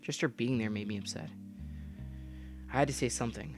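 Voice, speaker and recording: A young man reading a game story aloud and breaking off into profane, loud comments. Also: medium pitch, a little fast, long pauses, faint music behind. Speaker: gamer reading a visual novel aloud.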